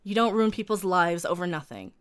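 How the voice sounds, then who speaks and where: A woman's voice: fairly low pitch, expressive, brisk, clear, resonant tone. A woman YouTuber ranting heatedly to camera, profane and combative, answering her critics directly and repeating herself when worked up.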